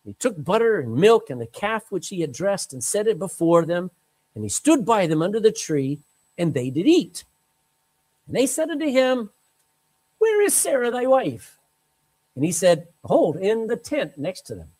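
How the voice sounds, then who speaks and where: A man's voice: high voice, very animated, moderate pace, warm tone, slightly rough, low-quality recording. A man preaching a sermon, reading scripture aloud and breaking in with emphatic, chatty asides. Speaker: pastor.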